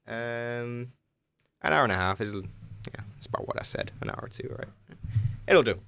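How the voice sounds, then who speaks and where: A man's voice: on the low side, creaky, pushed and bright. A man with an English accent, a game streamer in casual chat with his viewers, joking and answering their questions. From England.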